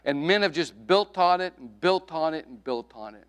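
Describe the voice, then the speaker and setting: A middle-aged man preaching a sermon with emphasis, his voice rising loud and dropping to a hush, with folksy asides. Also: on the high side, expressive, moderate pace, clear, resonant tone. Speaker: pastor.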